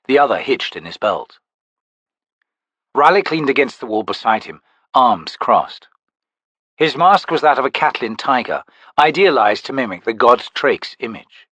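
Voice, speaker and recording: A man narrating a fantasy audiobook with expressive storytelling. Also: medium pitch, no room sound, dull audio.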